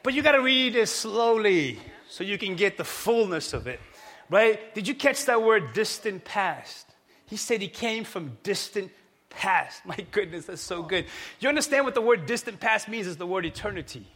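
A man preaching a sermon to a congregation, energetic and often shouting. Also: sits high, moderate pace. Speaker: pastor. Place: church hall with congregation.

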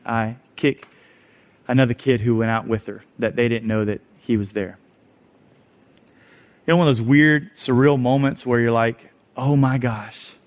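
A man, a youth pastor, telling a story in a sermon, animated and energetic, dropping low and quiet at tense moments.

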